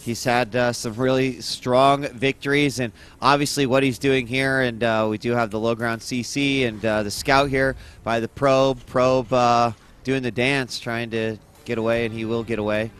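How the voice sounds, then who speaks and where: A man co-casting a video game match in an easygoing way, often pausing with fillers. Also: mid-range voice, steady tone, a bit bright, clear, resonant tone. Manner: easygoing, hesitant with many fillers. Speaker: esports caster. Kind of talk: casual game commentary.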